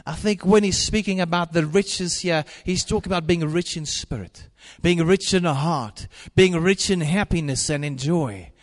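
A man's voice: a little high, normal speed, hardly any pauses, in a large hall. A man preaching a sermon, repeating declarations in a rhythmic, emphatic cadence.

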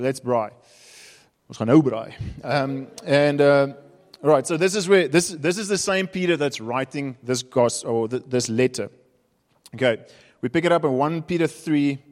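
A man with a South African accent preaching a sermon, telling stories in a conversational, humorous way. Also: on the high side. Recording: reverberant hall.

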